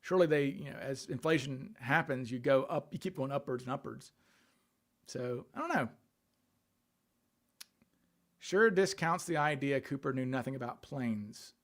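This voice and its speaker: A man's voice: medium pitch, normal speed. A man hosting a casual livestream, thinking aloud and answering questions from viewer chat. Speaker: livestream host.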